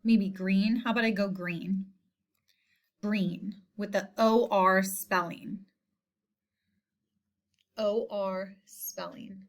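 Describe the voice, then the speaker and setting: A woman teacher giving a spelling lesson, speaking slowly and deliberately and repeating each word. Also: mid-range voice, steady tone. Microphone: screen recording voice-over.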